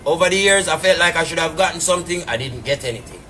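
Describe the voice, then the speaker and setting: A man's voice: a little high, lively intonation, fast talker, pushed and bright, a little hiss or hum. A man with a Jamaican patois accent, ranting casually and indignantly on a live stream, rambling and repeating fillers. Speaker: businessman telling his side.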